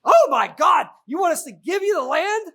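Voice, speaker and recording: A man's voice: fairly quick, pushed and bright, full character voice. A man voicing an indignant middle-aged woman landowner who haggles over the price of her land. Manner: shrill, outraged haggling.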